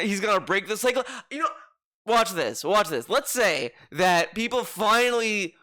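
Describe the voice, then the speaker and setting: A man's voice: sits high, sharp tone, clear, resonant tone. A man ranting in reaction commentary, sarcastic, profane and exasperated. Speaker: commentary YouTuber.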